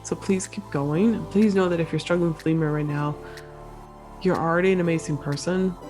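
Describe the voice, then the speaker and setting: Low-voiced sick woman podcasting. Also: steady tone, brisk, a little mellow, soft background music. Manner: casual, encouraging, with frequent fillers. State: sick and out of breath. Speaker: podcast host. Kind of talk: solo podcast monologue.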